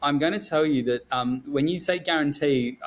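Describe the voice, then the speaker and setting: A man's voice: on the high side, moderate pace. Chatty man laughing easily. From Melbourne, Australia. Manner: rambling, many fillers, laughs often. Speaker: podcast guest, photographer. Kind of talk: casual interview chat.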